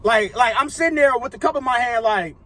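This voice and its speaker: A man's voice: very high voice, fairly quick, fairly bright tone. A young man telling a casual storytime monologue, rambling and profane, full of slang fillers. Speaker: storyteller vlogger.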